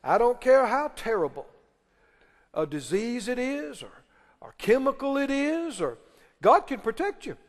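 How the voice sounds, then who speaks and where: A pastor preaching a sermon in a church, emphatic and pressing the congregation with questions and call-and-response. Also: male voice, extremely high pitch, sing-song, a little slow. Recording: long reverb of a large hall.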